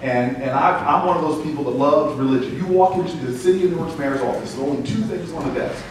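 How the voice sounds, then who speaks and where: A man in his forties giving a humorous storytelling speech from a podium at a political event, building to loud climaxes. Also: on the high side, fast, a crowd in the background. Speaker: political speaker. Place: large event hall. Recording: echoey hall taped from far off.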